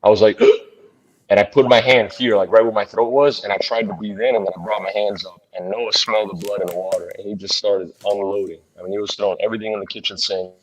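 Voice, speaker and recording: A man, a bare knuckle fighter, telling a fight story in an interview in a blunt, profane, animated way. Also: lowish voice, fast talker, hardly any pauses, highs cut off, a crowd in the background.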